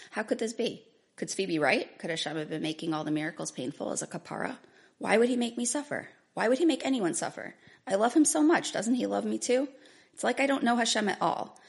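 A woman in her thirties speaks in a fairly low voice with vocal fry. As an author sharing her story, she gives an earnest personal testimony and reads aloud from the book she wrote.

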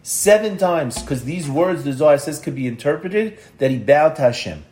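A man's voice: a little high, a little fast, reverberant. Older man telling a Talmud story. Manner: lively storyteller, acts out voices, sprinkled with Hebrew terms. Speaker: Torah teacher. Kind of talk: animated Talmud storytelling class.

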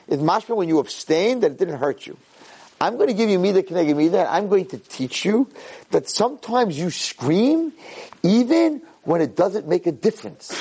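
A middle-aged man, a rabbi, giving a lively Torah lecture to a class and acting out the voices in his stories. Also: high voice. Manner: animated storyteller who acts out voices and cries out quoted lines.

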